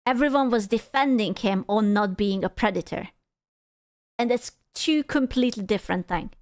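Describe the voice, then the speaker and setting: A woman's voice: medium pitch, normal speed, no room sound, studio quality. A woman from Europe streaming a casual reaction, talking bluntly, swearing and joking sarcastically.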